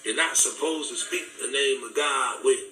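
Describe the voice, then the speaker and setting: A man's voice: medium pitch, normal speed, sharp tone, a little hiss or hum. A man giving an impassioned, preaching talk, fervent and repetitive, in casual vernacular. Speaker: speaker. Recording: echoey room, distant mic, faint music.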